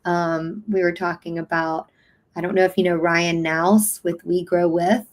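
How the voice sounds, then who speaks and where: A woman's voice: lowish voice, little pitch movement, a little slow. Enthusiastic woman guest telling stories. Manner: enthusiastic storyteller, emotional. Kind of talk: casual livestream conversation.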